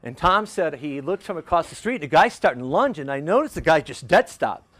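An older man preaching a sermon, telling a personal story in a conversational, animated way and acting out the voices of the people in it. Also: on the high side, a little fast. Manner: conversational, animated, acts out quotes. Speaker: pastor.

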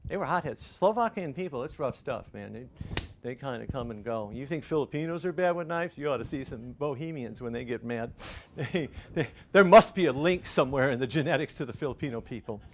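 A middle-aged male pastor preaching a conversational sermon, telling stories with lively restarts. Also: medium pitch, brisk, a little hiss or hum. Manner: conversational, animated storytelling with restarts.

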